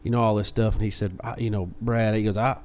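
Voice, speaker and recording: A man co-hosting a podcast, casually retelling a story and acting out what others said in lively quoted voices. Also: fairly low pitch, fast talker. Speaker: podcast co-host.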